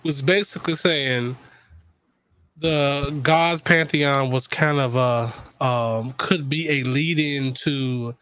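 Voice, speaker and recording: A man co-hosting a casual podcast chat, excitable and quick to laugh. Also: mid-range voice, clear, resonant tone, no room sound. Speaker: podcast co-host.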